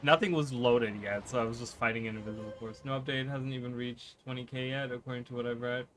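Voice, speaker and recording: A man streaming live gameplay who chats fast and rambles, often restarting his sentences. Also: medium pitch, steady tone, fairly bright tone, faint music behind. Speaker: gaming streamer.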